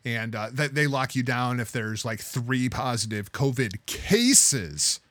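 A man hosting a casual podcast, ranting emphatically and cursing. His pitch swings widely from phrase to phrase, and the sound is dry and close. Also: animated, takes it slowly, fairly bright tone, no echo. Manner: exasperated, emphatic ranting, swears. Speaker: podcast host. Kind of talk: casual chat.

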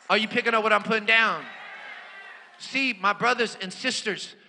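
A man preaching a sermon and telling stories, animated, swinging from hushed asides to shouted declarations. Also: high-pitched, a little hiss or hum. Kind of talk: sermon with personal storytelling. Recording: long reverb of a large hall.

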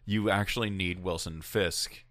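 Deep-voiced podcast man, dry sound. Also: steady tone, a little slow, a bit bright, no echo. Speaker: podcast co-host. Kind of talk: casual chat.

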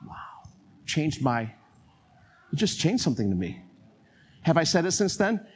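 An older man preaching a sermon in an animated way, acting out quotes and chuckling as he talks. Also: on the high side, unhurried, slight background noise.

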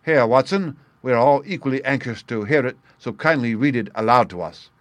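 Give me a confident, brisk detective explaining his reasoning, as a man reads him in a mid-pitched voice. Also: no echo, lightly acted. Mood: excited. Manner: crisp, explanatory, bursts of excitement.

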